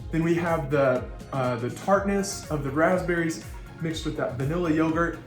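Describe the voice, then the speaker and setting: A man's voice: on the high side, normal speed, roomy sound, soft background music. Playful man hosting a kids' cooking show. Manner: playful, mock-French exclamations. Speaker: children's show host. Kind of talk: playful cooking demonstration for kids.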